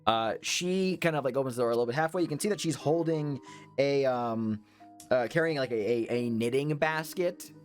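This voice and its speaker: A man's voice: medium pitch, a little fast, soft background music. A man narrating as game master, rambling with many fillers. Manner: rambling, lots of ums and likes. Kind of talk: narrating a tabletop horror game.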